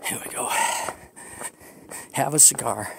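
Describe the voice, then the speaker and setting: A man's voice: mid-range voice, slow pace, gravelly, noisy background. A man hosting a podcast, rambling casually while hiking outdoors on a desert trail, ranting with profane sarcasm. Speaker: podcast host.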